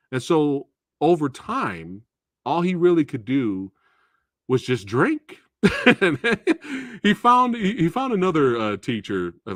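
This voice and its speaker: A man hosting a live stream, talking about a film in an animated, profane way with frequent laughs. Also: medium pitch, no room sound, clean studio sound. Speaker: movie reviewer and host. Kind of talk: casual live-stream movie talk.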